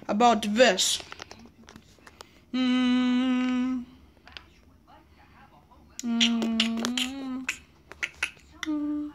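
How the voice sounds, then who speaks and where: A woman's voice: a little high, a little hiss or hum. A woman rambling playfully into a phone or laptop mic while trying out a camera app, often repeating herself and saying okay.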